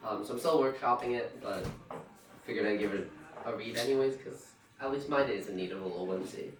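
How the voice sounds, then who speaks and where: A man's voice: on the low side, brisk, slight background noise. A man hesitantly rambling before reading one of his poems on stage. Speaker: poet performer. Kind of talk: poetry reading. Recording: echoey room from far off.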